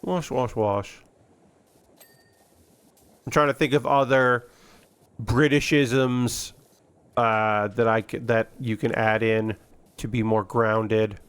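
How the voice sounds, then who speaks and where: Male streamer, casual rambling commentary over gameplay, self-deprecating, mid pitch. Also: little pitch movement, takes it slowly, clear, resonant tone. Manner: rambling, self-deprecating, many fillers and restarts. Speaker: gaming streamer.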